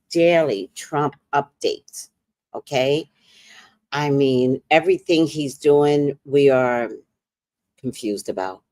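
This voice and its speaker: A woman hosting a casual livestream as a psychic reader, telling stories with animated, acted-out dialogue. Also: sits low, no room sound. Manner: animated storytelling, acts out dialogue.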